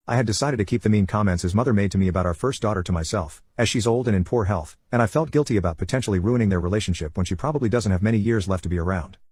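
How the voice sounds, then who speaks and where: A man narrating internet stories in a calm, scripted storytelling voice. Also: fairly low pitch, racing, few pauses, husky, dry recording.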